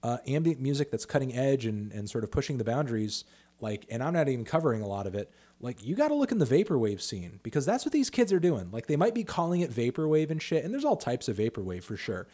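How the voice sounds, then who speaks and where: A young man casually answering viewer questions on a livestream, rambling, swearing freely and restarting sentences, with bursts of excitement between mumbled fillers. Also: mid-range voice, fast.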